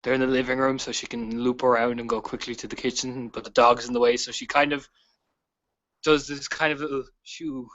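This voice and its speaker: A man's voice: mid-range voice, level tone, brisk. A man playing a tabletop role-play game, hesitantly describing what his character does, with many fillers. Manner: hesitant, filler-heavy, with soft laughs. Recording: dull lo-fi audio.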